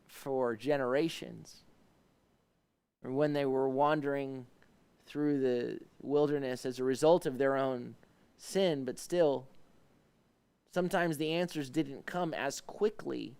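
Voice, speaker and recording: A male pastor with a gravelly yet smooth voice gives devotional Bible teaching on a ministry livestream. He explains Hebrew words, and his pitch rises when he voices pleading questions.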